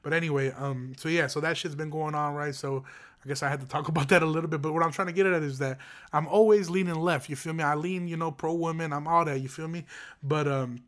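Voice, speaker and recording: A man's voice: fairly high pitch, fairly even intonation, quick pace, fairly bright tone. A young man hosting a podcast, ranting in a casual, profane, slang-heavy way with many fillers and restarts. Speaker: podcast host. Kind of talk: casual opinion rant.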